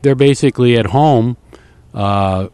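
A man co-hosting an interview, explaining things in a measured way. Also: medium pitch, mellow, clear, resonant tone, no room sound. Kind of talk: conversational explanation.

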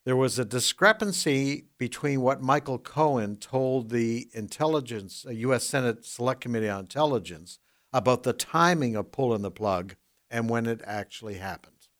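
A man hosts a political talk radio show, reading the news in a measured manner while laughing frequently. His voice is medium in pitch.

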